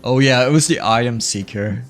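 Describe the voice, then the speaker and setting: A man's voice: medium pitch, moderate pace, soft background music. A man giving casual gameplay commentary, rambling with many fillers and little chuckles. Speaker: gamer.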